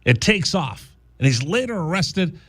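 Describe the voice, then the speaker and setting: Lively high-voiced male radio host. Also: unhurried, no room sound, studio quality. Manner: animated, jokey storyteller who slips into mock voices. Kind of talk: casual radio banter and storytelling. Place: college radio studio.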